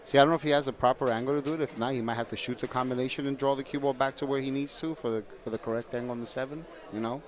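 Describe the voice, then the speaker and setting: A man's voice: medium pitch, steady tone, racing, hardly any pauses. A man sitting in as a guest commentator on a pool match, explaining strategy with analogies. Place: commentary booth at a billiards hall.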